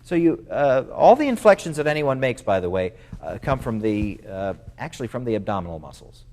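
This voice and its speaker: A man's voice: medium pitch, big pitch swings, brisk, dark tone. A man giving a music masterclass, explaining at length with many fillers and singing phrases on syllables to show them. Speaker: music clinician. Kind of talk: masterclass coaching.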